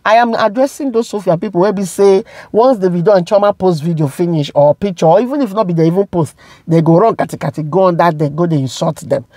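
A woman's voice: lowish voice, fast, mellow, dry recording, clean studio sound. A woman with a Nigerian accent talking to her viewers about celebrity gossip, emphatic and repeating words for stress. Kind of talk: casual commentary to viewers.

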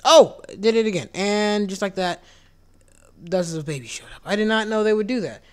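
A man giving casual gameplay commentary, excitable, jumping into squeaky outbursts of surprise and dropping to whispered asides, his voice cracking when it goes high. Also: normal speed, clean tone. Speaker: gaming channel host.

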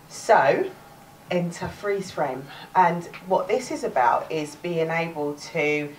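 Casual: low-voiced cockney woman teaching a workshop, chatty, laughs a lot, bit far from the mic. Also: slow, slight background noise. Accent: London Cockney. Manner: chatty, restarts words, laughs often. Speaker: workshop presenter.

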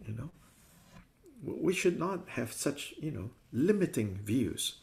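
A man's voice: mid-range voice, sing-song, slow pace, gravelly, long pauses, darkish tone. A man teaching a Buddhist class in a conversational way, often acting out the views he discusses with playful voices. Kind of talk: dharma class lecture.

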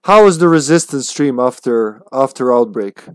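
A man's voice: medium pitch, animated, moderate pace, dry recording, rough recording. A man casually commenting while he plays a video game live, thinking aloud and greeting his viewers.

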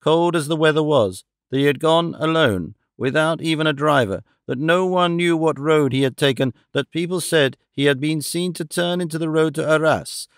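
Gravelly male audiobook narrator. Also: on the high side, normal speed, few pauses, no room sound, clean studio sound. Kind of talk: scripted narration.

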